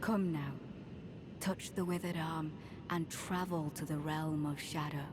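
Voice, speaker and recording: Devout knight lady, low and flat, game ambience hissing behind. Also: unhurried. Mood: solemn. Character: devout female knight, calm and earnest. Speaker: game character. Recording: game audio with clear ambient noise.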